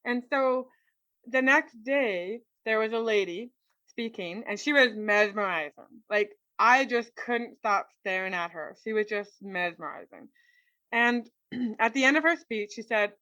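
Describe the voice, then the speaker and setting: A woman from Canada, a guest in an interview, telling her personal story in a lively way and acting out what people said. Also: a little high, measured pace, no room sound. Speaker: interview guest, motivational speaker.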